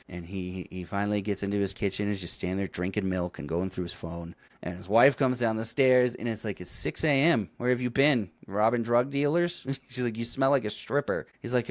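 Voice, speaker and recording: A man's voice: lowish voice, no room sound. Profane laughing man recapping a movie. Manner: profane, laughing, acts out scenes. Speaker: podcast co-host. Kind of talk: casual movie recap chat.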